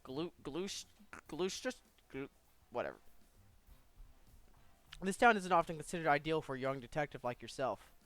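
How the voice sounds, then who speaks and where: A man reading a small-town police captain's lines from a game aloud, in a casual, flat way. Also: on the high side, moderate pace, pauses often.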